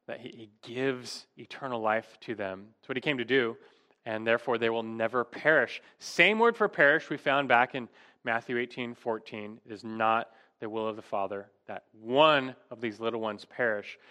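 A man's voice: medium pitch, normal speed, sharp tone. A man preaching an expository sermon, emphatic and full of rhetorical questions. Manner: emphatic, rhetorical questions, rising to stress key words.

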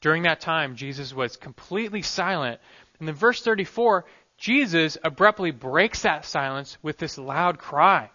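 Earnest and emphatic, a male pastor delivers an expository sermon, his phrases often softening at their ends. His bright, forceful voice is slightly high with lively intonation at a normal speed. It's a dull, lo-fi recording.

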